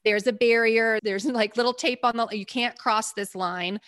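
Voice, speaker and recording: A woman's voice: a little high, fairly even intonation, normal speed, a bit bright, no room sound, clean studio sound. A woman, a medical provider, candidly recounting her field work in an interview, in short emphatic bursts. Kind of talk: interview storytelling.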